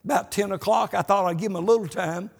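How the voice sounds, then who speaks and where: A man delivers a folksy sermon with a high, gravelly voice. His tone is slightly husky, and he sprinkles amens throughout. A long reverb from a church hall trails his words. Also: steady tone, fast talker. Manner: folksy storytelling, repeated amens. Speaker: pastor.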